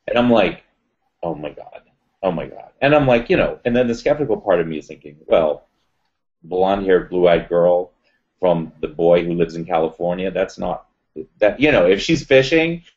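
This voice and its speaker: A man telling a personal story as an interview guest, animated and acting out the voices of others. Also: low-pitched, normal speed. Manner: animated retelling, acts out quoted voices. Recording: dull lo-fi sound.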